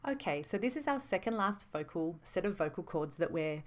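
Measured woman explaining voices. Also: fairly low pitch, lively intonation. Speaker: voice instructor. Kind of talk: reflective teaching monologue.

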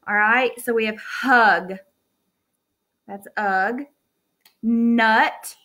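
A woman teacher in her thirties leads a phonics lesson from home, speaking slowly and clearly. Her voice sits a little higher than most women's, with steady, encouraging delivery. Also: low-quality recording. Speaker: elementary school teacher. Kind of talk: remote phonics lesson for students.

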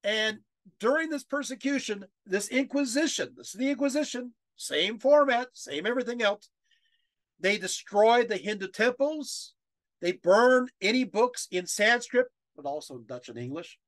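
A man's voice: very high voice, lively intonation, moderate pace, a bit bright, dry recording. A man giving a history lecture over a video call, reading quotes aloud and getting choked up with emotion, with many fillers and rhetorical questions.

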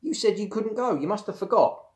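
A sulky ten-year-old schoolboy who fibs his way out of trouble and shouts when cornered, as a man reading the storybook puts him on. The voice sits well above the reader's own and gets loud and whiny. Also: high voice, animated, fairly quick, pitched above the performer's own voice. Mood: whining.

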